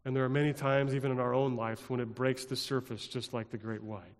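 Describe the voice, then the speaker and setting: A pastor delivering a sermon in a rhythmic, repetitive style, dropping at times to a hush. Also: male voice, mid-range voice, level tone, brisk, big-room sound. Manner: rhythmic, repetitive preaching with dramatic drops to a hush.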